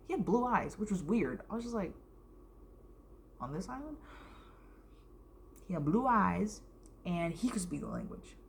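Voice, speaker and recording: Young adult woman from the US, casual vlogger, rambling delivery with heavy vocal fry and the odd whisper. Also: lowish voice, a little hiss or hum. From United States. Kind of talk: casual storytime vlog.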